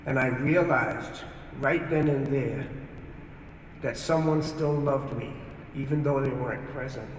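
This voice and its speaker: A man's voice: medium pitch, measured pace, a little hiss or hum. Man, personal storytelling testimony, earnest and vivid, distant mic, long hall reverb. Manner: vivid, earnest storyteller who acts out his own past words. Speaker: speaker giving a testimony.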